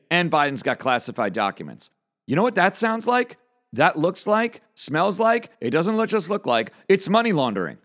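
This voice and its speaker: A man hosting a political commentary show, reading a news story aloud and giving his opinion in an emphatic, indignant way. He says he is fired up and talking fast. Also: fairly high pitch, a bit bright. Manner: emphatic and indignant, punching single words.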